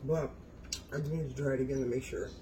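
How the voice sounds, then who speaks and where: A man's voice: mid-range voice, steady tone, fast, dark tone, a little hiss or hum, low-quality recording. A man filming a casual cooking demonstration in his home kitchen. He talks straight to his viewers and keeps exclaiming how delicious the food is. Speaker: home cook vlogger.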